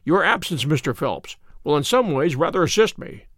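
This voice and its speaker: A man reading aloud, voicing a sharp, commanding detective with a crisp, authoritative manner. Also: on the high side, big pitch swings, normal speed, no room sound, studio quality.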